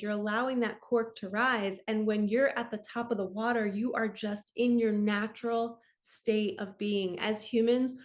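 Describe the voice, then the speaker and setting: A young adult woman giving an earnest motivational talk as a spiritual coach, often speaking out imagined inner dialogue. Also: mid-range voice.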